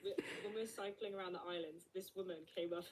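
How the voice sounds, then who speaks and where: Low-voiced woman prone to tangents. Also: fairly even intonation, fast, a crowd in the background, rough recording. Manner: rambling, goes off on tangents, laughs easily. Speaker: co-host student. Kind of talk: casual live lesson chat.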